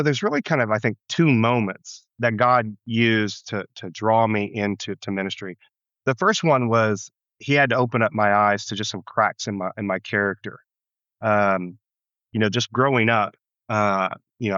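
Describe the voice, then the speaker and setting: Earnest low-voiced pastor telling his story. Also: fairly bright tone, clean tone, no echo. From United States. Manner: earnest, reflective, many restarts. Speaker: pastor and interview guest. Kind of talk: storytelling interview answer. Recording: dull muffled lo-fi sound.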